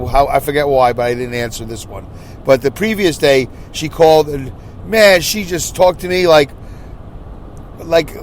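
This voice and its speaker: A man hosting a podcast, rambling through a casual, animated monologue and slipping into quick impressions. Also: a little high, a little hiss or hum. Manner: animated, rambling storyteller who slips into impressions. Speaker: podcast host.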